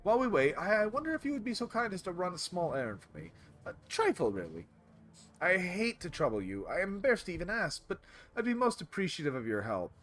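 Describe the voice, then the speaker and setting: A scheming middle-aged coffee shop owner, all flattery and excessive courtesy, as a man puts him on. His pitch swoops lively up and down as he coaxes. It plays as character dialogue in a video game. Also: fast, a little hiss or hum. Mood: wheedling. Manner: courteous, flattering, overly polite.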